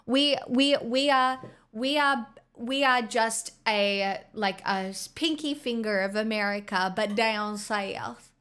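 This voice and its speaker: A woman's voice: a little high, slow pace, fairly bright tone, smooth. An Australian woman streaming, chatting casually with viewers in a blunt, rambling way and swearing often. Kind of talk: casual chat reading viewer messages.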